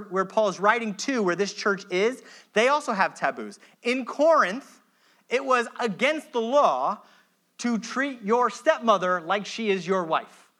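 A preacher talks through the sermon in a relaxed, conversational way. The voice is bright and forceful, and it often breaks off with quick checking asides. The delivery stays earnest and pleading. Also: mid-range voice. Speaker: pastor.

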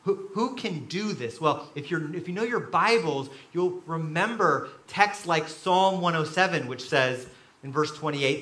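A man preaching a sermon as pastor, telling stories with animated, sudden loud bursts. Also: fairly high pitch, a little slow, roomy sound. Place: church.

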